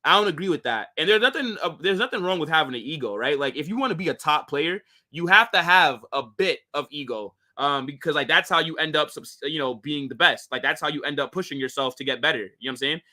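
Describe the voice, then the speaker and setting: A man's voice: fairly high pitch, lively intonation, fast talker, few pauses, sharp tone. A young American man hosting a casual football live stream, reading viewer comments and answering in slangy talk full of "bro" and "like". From United States. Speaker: football channel host.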